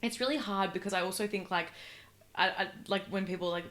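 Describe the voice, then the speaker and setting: An Australian woman, a guest comedian, talking in a casual, animated podcast chat full of fillers and swearing. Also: medium pitch, fast talker.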